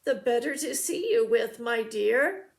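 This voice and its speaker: A woman voicing a sly, greedy male wolf in a slow drawl for a storybook reading. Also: a little high, expressive, vocal fry. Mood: gloating.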